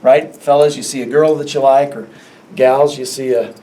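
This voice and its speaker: A man teaches Spanish grammar in a classroom, repeating each point and asking his students rhetorical questions. His voice sits at an ordinary pitch and is picked up from a little distance. A faint hum of room noise runs behind him. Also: steady tone, moderate pace, dark tone. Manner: repetitive, asks rhetorical questions, stretches words for emphasis.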